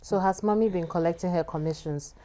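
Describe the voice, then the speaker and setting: Low, mellow woman host. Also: a little fast. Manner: supportive, frequent short affirmations. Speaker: talk show host. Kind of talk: interview.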